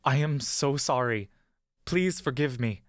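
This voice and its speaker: An actor playing an injured, frightened monk who pleads and begs in a pained, breathless voice. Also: male voice, medium pitch, a little slow, no room sound, clean studio sound, voice pushed up, close to an everyday voice. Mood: remorseful. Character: wounded, frightened elderly male monk, pleading.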